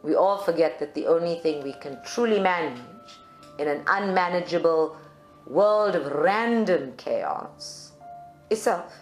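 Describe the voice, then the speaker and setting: A woman's voice: lowish voice, unhurried, faint music behind. A woman from South Africa leading a group in a channeled spiritual talk, reflective and at times heated. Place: meditation centre room. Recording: roomy live recording.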